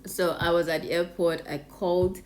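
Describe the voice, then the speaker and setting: A woman's voice: on the low side, flat delivery, moderate pace. A Nigerian woman with a Nigerian English accent, animatedly telling a personal story on her vlog with plenty of laughter. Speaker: vlogger. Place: Japan.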